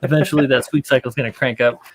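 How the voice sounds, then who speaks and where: A man's voice: medium pitch, steady tone, very fast, slight background noise. A young man hosting a model-building livestream in loose, rambling chat, full of fillers and casual swearing. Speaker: livestream host.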